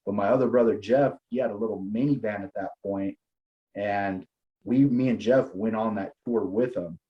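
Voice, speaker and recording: A man's voice: fairly low pitch, normal speed, highs cut off. A man telling stories in a casual chat, swearing freely and laughing often. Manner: loose storytelling with lots of swearing and laughter. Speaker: guest.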